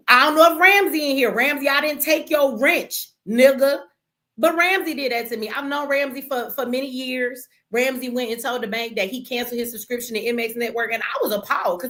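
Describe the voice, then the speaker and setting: A woman's voice: high voice, brisk, a bit bright. A woman from Detroit hosts a casual livestream, tired and exasperated, talking straight to her viewers and swearing freely. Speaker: livestream host. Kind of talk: casual live-stream rant.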